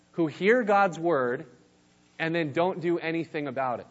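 A man's voice: on the high side, lo-fi sound. A young man from New Mexico, a youth pastor giving a casual sermon with easygoing, self-deprecating storytelling. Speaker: youth pastor, guest speaker.

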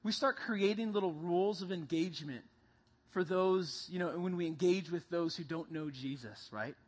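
Preacher, husky, punchy repetition, talks straight to the congregation. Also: medium pitch, normal speed. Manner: emphatic, repeats key lines, addresses audience as guys. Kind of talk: sermon.

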